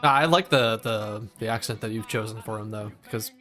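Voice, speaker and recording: A man playing a tabletop game, chatting in a relaxed, jokey way. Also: on the low side, fairly quick. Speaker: player. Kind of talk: casual table talk.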